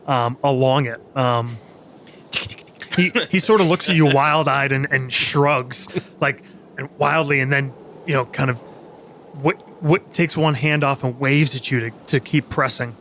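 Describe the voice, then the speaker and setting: A man narrating as game master in a tabletop game, halting and full of fillers and restarts. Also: mid-range voice, fairly even intonation, a bit bright, slight background noise.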